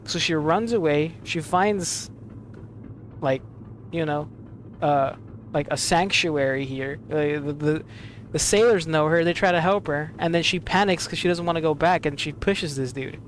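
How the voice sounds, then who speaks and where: A man's voice: a little high, moderate pace, a little hiss or hum. A young man giving casual gameplay commentary as a streamer, swearing often and leaning on fillers. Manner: profane, emphatic, filler-heavy. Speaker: gaming streamer. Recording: game music underneath.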